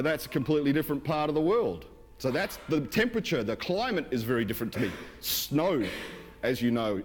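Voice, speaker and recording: A man's voice: medium pitch, a little mellow. A man with an Australian accent preaching a sermon as the church's pastor, in an earnest, conversational way that is full of rhetorical questions. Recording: reverberant church hall.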